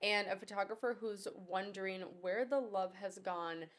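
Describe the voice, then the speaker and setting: A woman's voice: mid-range voice, fairly even intonation, normal speed. A young woman co-hosting a podcast, chatting in a candid, upbeat way. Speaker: podcast co-host. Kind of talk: casual chat.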